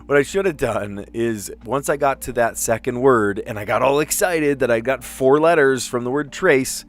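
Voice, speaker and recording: A middle-aged man hosting a casual live stream, thinking aloud through a word puzzle, excitable and self-mocking. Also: medium pitch, normal speed, faint music behind.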